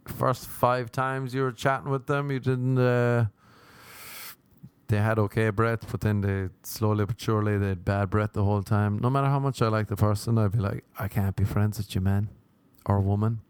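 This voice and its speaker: The Irish podcast host in Los Angeles carries on solo, his comic monologue rambling, sweary and self-mocking, broken by sudden jumps in pitch. His tone is otherwise level and clean, the pace moderate, with no echo.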